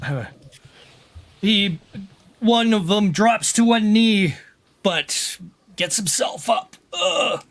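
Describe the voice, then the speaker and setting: A man with a notably high voice narrates as game master of a tabletop game. He takes his time and restarts his sentences, slipping in short acted cries for the enemies. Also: takes it slowly, long pauses.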